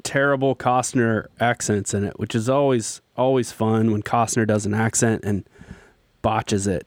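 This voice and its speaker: A man's voice: lowish voice, fairly even intonation, moderate pace, no echo. A man hosting a casual talk show, enthusiastic and jokey as he leads the segments. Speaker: host. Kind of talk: casual chat.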